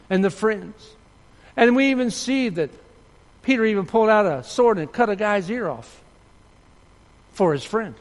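A man preaching a sermon earnestly, rising and loud when telling a story, dropping soft and low for appeals. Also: lively intonation, moderate pace, in a large hall. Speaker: pastor.

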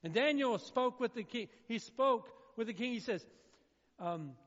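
A man preaching a sermon, swinging between loud, emphatic declaiming and quieter asides. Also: extremely high pitch, expressive, a little slow. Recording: dull sound in a reverberant hall.

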